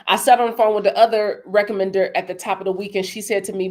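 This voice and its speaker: A woman's voice: medium pitch, steady tone, quick pace. Emphatic woman giving a motivational talk. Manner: emphatic and repetitive, addressing listeners as y'all and baby; acts out quoted conversations in a softer voice. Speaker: host.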